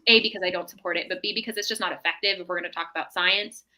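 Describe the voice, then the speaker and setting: A woman's voice: fairly low pitch, steady tone, racing, bright, forceful tone, low-quality recording. A woman, a mental health professional appearing as a podcast guest, talking in a reflective, explanatory way and often checking in with "right?". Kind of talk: casual podcast chat.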